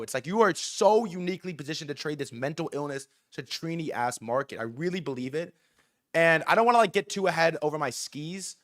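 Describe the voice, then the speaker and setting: A young man holds forth on a livestream in a fast, profane rant. His voice sits a little high for a man, jumping from loud excited bursts to low muttered asides. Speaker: livestream host. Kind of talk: hyped livestream market rant.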